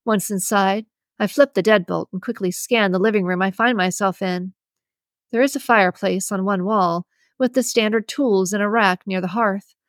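Woman narrator, first-person audiobook reading, measured delivery, medium pitch, dry recording. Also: fairly even intonation, no echo.

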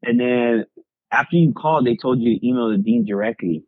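A man in casual podcast chat, storytelling with loads of slang fillers and swearing. His voice is mid-pitched, the room is dry, and the sound is a little dull and lo-fi. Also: a little fast, no room sound. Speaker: podcast co-host.

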